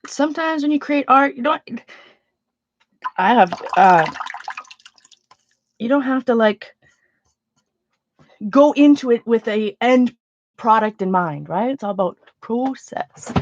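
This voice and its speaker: A woman's voice: a little high, lively intonation, takes it slowly, long pauses, no room sound. Woman host, casual rambling livestream talk, sniffling, dry and a bit muffled. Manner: chatty, rambling, greets viewers, thinks aloud. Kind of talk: casual livestream chat while painting.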